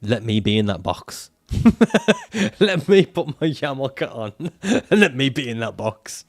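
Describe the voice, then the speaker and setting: A man's voice: mid-range voice, sing-song, slow, pauses often. A man livestreaming casually, reading out viewer comments and answering them in a jokey, profane way and laughing often.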